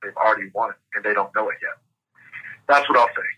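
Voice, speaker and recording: A man's voice: fairly low pitch, a little fast, breathy edge, highs cut off. A man on a podcast as a guest, talking through life stages in a reflective, coaching way, often adding "like" and "right?". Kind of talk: motivational interview talk.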